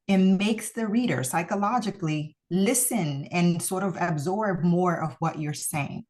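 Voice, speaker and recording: In a lowish voice, a woman who founded a mock trial program gives a recorded lesson, speaking deliberately and encouragingly while stressing key words.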